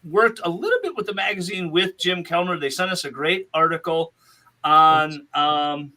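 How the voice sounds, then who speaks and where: A chatty man hosts a relaxed podcast chat. His voice sits high and sounds bright and forceful, and his talk rambles with frequent laughter. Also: moderate pace. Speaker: podcast host.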